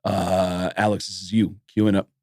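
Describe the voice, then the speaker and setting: A man co-hosting a podcast, telling animated stories with plenty of swearing and acted-out quotes. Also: deep voice, moderate pace, noisy background. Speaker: podcast co-host. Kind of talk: casual storytelling chat.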